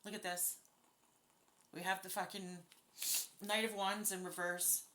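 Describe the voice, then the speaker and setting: A woman's voice: mid-range voice, level tone, measured pace, pushed and bright. A woman giving a casual spoken tarot reading, blunt and openly indignant, swearing freely as she talks through the cards. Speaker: tarot reader.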